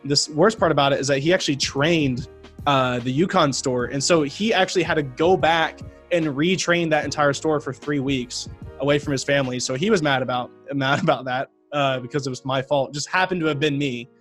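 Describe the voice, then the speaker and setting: A man, a podcast guest telling a long story in casual talk, rambling and animated with lots of fillers. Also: on the high side, fairly quick, soft background music.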